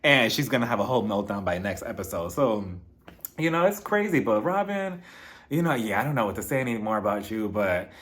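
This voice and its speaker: A man's voice: lowish voice, brisk. Sassy young man recapping reality TV. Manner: sassy, animated, mocks cast members in quoted voices. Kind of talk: casual episode recap.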